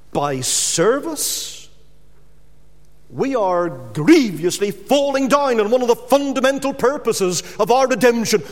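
High, sweeping preacher in a hall. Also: male voice. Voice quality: emphatic, with drawn-out stressed words and sudden drops to a hush. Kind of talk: sermon.

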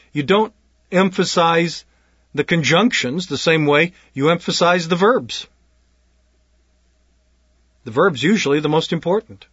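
Man pastor lecturing on preaching, husky and a bit high, dull lo-fi dry recording. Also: fairly bright tone, no room sound. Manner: earnest, deliberate, repeats words as he gathers thoughts. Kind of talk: instructional talk on preaching.

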